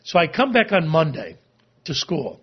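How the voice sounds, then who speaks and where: Middle-aged man, interview guest, husky gravelly voice, lively pitch, emotional halting storytelling, dull lo-fi recording.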